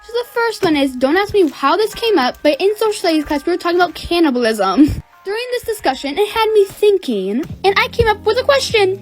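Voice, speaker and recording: Very high-voiced sarcastic teen girl. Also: big pitch swings, brisk, faint music behind. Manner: sarcastic, chatty, lots of "like". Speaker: storyteller. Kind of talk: casual storytime.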